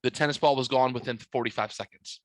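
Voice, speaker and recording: A man's voice: mid-range voice, fairly even intonation, fast, no room sound, low-quality recording. A young man hosting a podcast, telling a story in a joking, profane, smart-aleck way. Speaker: podcast host. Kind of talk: casual storytelling.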